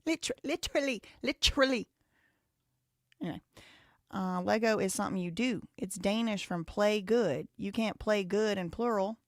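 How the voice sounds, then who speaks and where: A woman's voice: medium pitch, normal speed, a little mellow, no echo. Chatty Southern American woman, dry sound. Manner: chatty, opinionated, laughs often. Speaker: live show host. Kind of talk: casual live-stream chat, reading comments.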